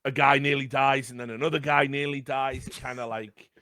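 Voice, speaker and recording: A man with a medium-pitched, bright and forceful voice speaks fairly quickly in a level tone. Co-hosting a podcast, he discusses a film casually, rambling and hesitant with lots of ums and other fillers.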